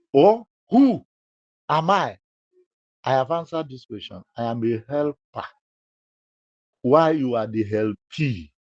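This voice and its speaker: A man's voice: mid-range voice, darkish tone, dry recording, muffled recording. A man scolding a critic in a direct-address rebuttal, emphatic and full of repeated rhetorical questions. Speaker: public figure addressing a critic.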